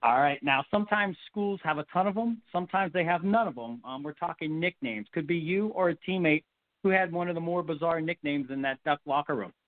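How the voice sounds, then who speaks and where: Male sports podcast host: quick, upbeat, rambling; phone-line audio. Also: on the high side. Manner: upbeat, rambling with repeated words.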